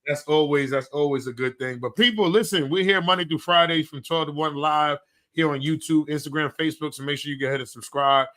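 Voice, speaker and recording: A man, co-hosting a podcast in casual chat and telling animated stories. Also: fairly high pitch, fairly quick. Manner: animated storytelling. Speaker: podcast co-host.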